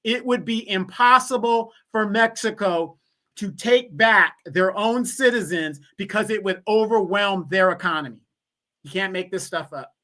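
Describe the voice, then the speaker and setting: Bright-voiced woman ranting on a live stream. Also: medium pitch, unhurried. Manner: ranting, mocks others in quoted voices.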